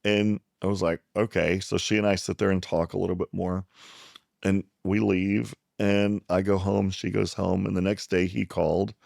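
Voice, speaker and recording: A middle-aged psychiatrist from South Texas tells a long personal story as a guest and acts out the voices of the people in it. His voice sits very low and has a rough, gravelly edge. The sound is dry and close, with no room echo. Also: normal speed. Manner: animated storyteller who acts out the people he quotes. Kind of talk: storytelling in a conversation.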